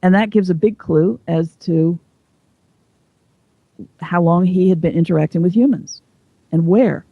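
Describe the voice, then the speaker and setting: A woman's voice: on the low side, measured pace, pauses often, dry recording, muffled recording. A woman speaking as an interview guest, explaining at length in a thoughtful, conversational way. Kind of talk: casual interview chat.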